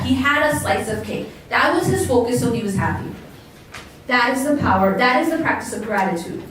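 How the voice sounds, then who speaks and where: Speaking in a very echoey hall to a live crowd, this American woman gives an inspirational religious talk, repeating words for emphasis and often questioning her listeners. Her voice is high, the mic is distant, and there's slight background noise.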